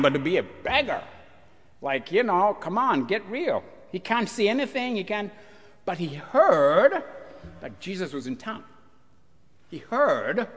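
A male pastor preaching a sermon, animated and full of rhetorical questions, acting out the voices in the story. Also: sits high, breathy edge. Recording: long church hall reverb.

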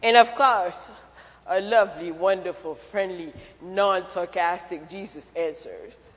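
A man's voice: high-pitched, expressive, unhurried, a bit bright. A man preaching a sermon in a church, conversational and jokey, asking the congregation questions. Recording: church hall reverb.

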